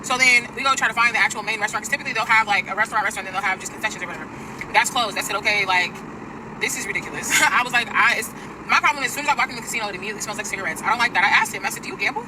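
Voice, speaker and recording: Young woman, rapid-fire profane storytime rant, street traffic behind. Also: on the high side, far from the mic. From US Pacific Northwest. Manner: fast, profane, exasperated. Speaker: storyteller in stitched clip.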